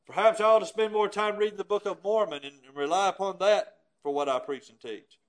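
High-voiced preacher, earnest. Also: male voice, brisk, poor audio. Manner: earnest, emphatic, rhetorical questions. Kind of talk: sermon.

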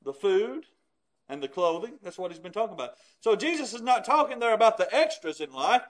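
A man's voice: high voice, sing-song, fairly quick. A man preaching a sermon, teaching scripture in an emphatic, explanatory way with everyday examples.

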